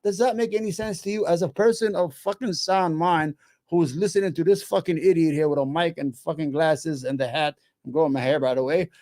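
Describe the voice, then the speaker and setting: Guy hosting a reaction show, fairly high voice, heated and sweary, super blunt. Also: fairly even intonation, a little fast, a little mellow. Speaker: host. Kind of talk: profane reaction commentary.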